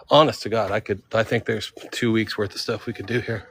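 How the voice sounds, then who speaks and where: A man's voice: fairly low pitch, moderate pace, a bit bright, slight background noise. A man vlogging on a handheld phone while walking steep city streets outdoors, out of breath, with laid-back slangy talk that keeps calling viewers dude. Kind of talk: casual walking livestream chat.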